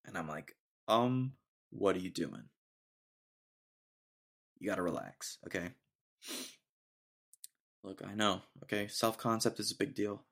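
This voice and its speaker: A man's voice: on the low side, creaky. A young man hosting a casual solo podcast, ranting sarcastically and laughing often. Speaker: podcast host.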